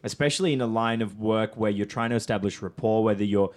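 A man's voice: fairly low pitch, fast talker, a little mellow. A man hosting a podcast, leading a casual, upbeat brainstorm with his guests. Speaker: podcast host. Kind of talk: casual chat.

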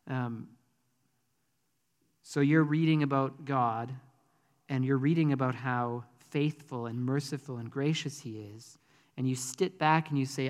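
A man's voice: medium pitch, unhurried, big-room sound. A man preaching a sermon in a conversational, earnest way, with frequent ums. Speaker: pastor.

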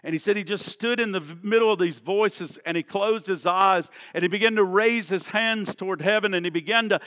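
Male preacher, very high and sharp-toned, impassioned, repeats himself, moves between loud declarations and quiet prayer, long reverb of a church. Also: brisk. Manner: impassioned, repeats phrases, swings from shouts to hushed prayer. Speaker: pastor. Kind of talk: sermon.

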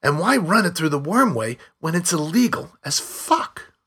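A man's voice: on the high side, big pitch swings, moderate pace, fairly bright tone, breathy edge, voice pushed up, full character voice. A man voicing an eager, curious yard owner who presses with cussing questions. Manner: pushy, swearing questions.

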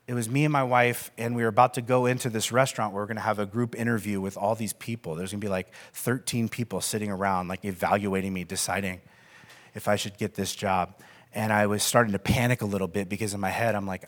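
A man in his thirties giving a conversational sermon as pastor, with self-deprecating humor and many fillers. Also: lowish voice.

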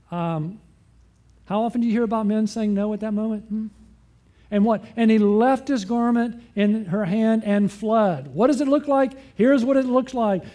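Bright-toned man preaching with questions. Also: sits high. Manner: asks the listeners questions and answers them. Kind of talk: sermon with rhetorical questions.

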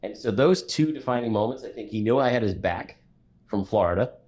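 Middle-aged male guest, very deep voice, lively storyteller who acts out the people in his stories. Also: a little fast. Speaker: commercial real estate broker, guest. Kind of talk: storytelling in a conversational interview.

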